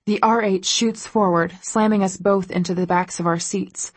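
Woman reading a first-person audiobook, husky, kinda breathless with sudden outbursts. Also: medium pitch, fairly even intonation, moderate pace, no room sound. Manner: breathless inner monologue with sudden exclamations. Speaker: audiobook narrator.

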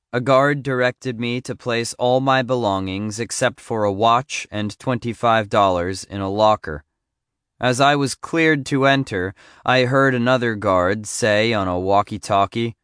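A man narrating a first-person story in a measured, even audiobook reading. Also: on the low side, smooth, dry recording, studio quality.

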